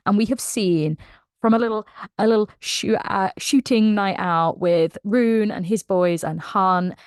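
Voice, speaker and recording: A woman recapping a book in a casual, animated way, laughing often as she retells it. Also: medium pitch, measured pace, clean tone, dry recording. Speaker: book reviewer.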